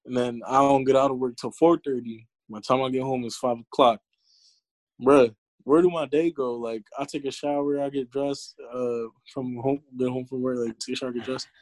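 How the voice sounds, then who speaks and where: A man's voice: mid-range voice, moderate pace, dry recording. Young man telling stories, cursing freely. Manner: profane, animated storytelling with acted-out quotes. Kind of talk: casual chat. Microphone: remote call audio.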